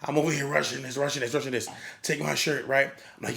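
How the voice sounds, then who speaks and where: A man's voice: medium pitch, level tone, fast talker, gravelly, bright, forceful tone. A man who works as a DJ, telling a story in casual podcast chat and acting out quotes and crowd hype.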